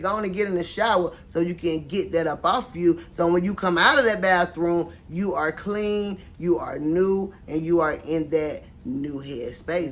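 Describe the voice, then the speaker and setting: A middle-aged woman coach talking straight to her viewers in a folksy, encouraging vlog, slowing and softening on the points that matter. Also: fairly low pitch, slight background noise. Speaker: mindset coach. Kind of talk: motivational vlog talk.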